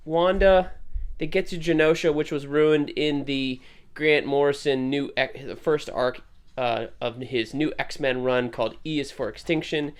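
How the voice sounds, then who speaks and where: A man with a fairly high, steady, clean voice hosts a laid-back comic book review video at a normal speed. He talks conversationally, wandering off and correcting himself along the way.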